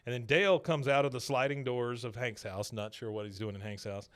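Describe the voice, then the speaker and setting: Male podcast host, mid-pitched, relaxed storyteller who chuckles through a plot recap. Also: a little fast. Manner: laid-back, chuckling storyteller. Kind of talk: casual episode recap.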